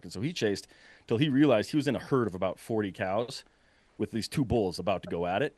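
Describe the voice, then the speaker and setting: A young man casually telling a long story, animated and breathless, full of fillers and quick laughs. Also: fairly low pitch, no room sound. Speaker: podcast guest telling a hunting story.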